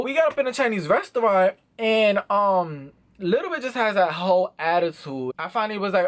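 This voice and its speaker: A young man telling an animated, slang-filled story for his vlog. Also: high voice, normal speed. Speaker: vlogger.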